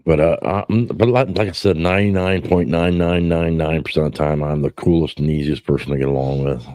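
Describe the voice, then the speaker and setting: Deep-voiced rambling man telling a story. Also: a little fast, mellow. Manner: rambling storytelling with restarts and cursing. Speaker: podcast host. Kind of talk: casual chat.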